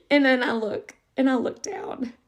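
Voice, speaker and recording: A woman hosting a podcast, a schoolteacher telling a story in a casual, animated way, laughing often. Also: high-pitched, slow. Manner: animated, laughs often, acts out children's voices. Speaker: podcast host; elementary school teacher.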